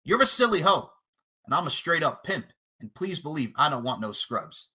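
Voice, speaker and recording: A man cutting a boastful, profane wrestling trash-talk promo, taunting his opponent and breaking into shouted lines. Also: fairly high pitch, big pitch swings, moderate pace, husky. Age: adult, podcasting eight years. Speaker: podcast promo contestant.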